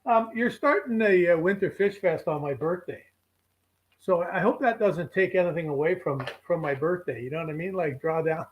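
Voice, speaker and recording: Lively high-voiced man telling stories. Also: normal speed, highs cut off, a little hiss or hum. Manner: animated storyteller who voices the people in his stories. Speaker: regular guest on a fishing show. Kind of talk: casual storytelling chat.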